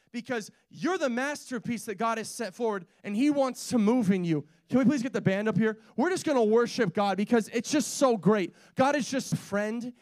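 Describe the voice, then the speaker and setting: A man preaching a sermon in a church, pressing his points with repeated rhetorical questions and building to shouts. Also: very high voice, dry recording. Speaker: pastor.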